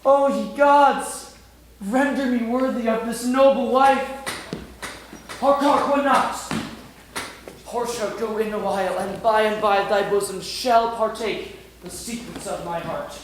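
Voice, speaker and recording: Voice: mid-range voice, unhurried, noisy background, lightly acted. An actor playing troubled noble Brutus. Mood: earnest. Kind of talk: amateur stage Shakespeare. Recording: echoey room.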